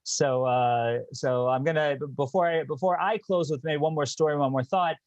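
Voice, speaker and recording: A man hosting an online talk, telling a family story in a halting way with many restarts. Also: on the high side, dry recording, dull audio. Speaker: host.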